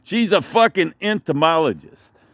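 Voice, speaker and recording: A man with a higher, animated, slightly bright voice talks at normal speed, with no room sound, while vlogging outdoors in his backyard. His long story wanders freely, peppered with profanity and tangents.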